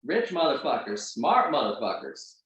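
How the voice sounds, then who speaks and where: A man's voice: mid-range voice, very animated, normal speed, a bit bright. Casual, profane man in a very echoey room. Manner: loose and profane, heavy use of "like". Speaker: podcast guest. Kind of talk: casual conversation.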